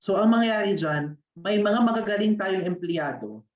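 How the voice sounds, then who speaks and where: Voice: medium pitch, expressive, moderate pace, a little mellow. A presenter with a Filipino accent giving an academic webinar lecture, explaining ideas step by step and asking rhetorical questions. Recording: distant, roomy, dull lo-fi webinar audio.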